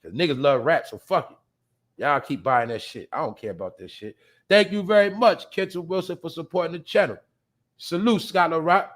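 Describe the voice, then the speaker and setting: Blunt ranting man, high-ish voice. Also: expressive, normal speed. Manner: blunt ranting, addresses viewers directly; swings between loud outbursts and low mutters. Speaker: podcast host. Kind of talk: casual profane commentary.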